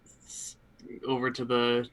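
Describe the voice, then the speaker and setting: Bright-voiced casual male player. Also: medium pitch, completely flat delivery, takes it slowly, a little hiss or hum, poor audio. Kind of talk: tabletop role-play chat.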